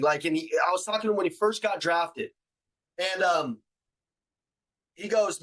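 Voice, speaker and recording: A man with a fairly high voice delivers a motivational talk to salespeople. He hammers his points with repetition, slang and casual swearing, often climbing into loud, driving shouts. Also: moderate pace, rough recording. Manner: emphatic, repetitive, slangy and profane. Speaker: sales trainer and motivational speaker. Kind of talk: motivational speech.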